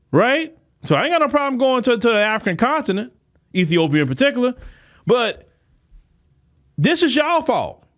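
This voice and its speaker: A man hosting a podcast, delivering a fiery political commentary monologue that speaks straight to his listeners, often repeating and restarting his words. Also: very high voice. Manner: fiery, preaching, addresses listeners directly. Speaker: podcast host.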